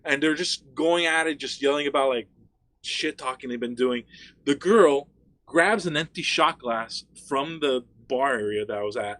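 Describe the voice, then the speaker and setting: A man from Miami, a guest on a casual chat, telling a story in an animated, profane way full of "like" fillers. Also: medium pitch, moderate pace, no echo.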